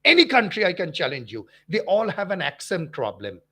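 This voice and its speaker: A man with an Indian English accent hosts a physics livestream, talking through viewers' questions in a high, light voice. He repeats himself for emphasis and often restarts mid-sentence, with plenty of "uh"s between points. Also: huge pitch swings, a little fast, a bit bright, husky. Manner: emphatic and repetitive, with frequent fillers and restarts. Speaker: physics teacher and channel host. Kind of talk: livestream talk answering viewer comments.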